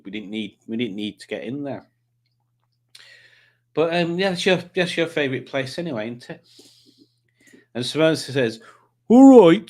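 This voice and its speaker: A man hosting a casual livestream, chatting and teasing as he reads out viewers' comments. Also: mid-range voice. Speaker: livestream host reading chat.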